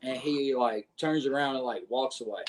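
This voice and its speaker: A man telling a backstage wrestling story on a podcast, animated and profane, acting out what others said. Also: medium pitch, moderate pace, slight background noise. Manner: profane, animated retelling with quoted voices. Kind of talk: casual storytelling.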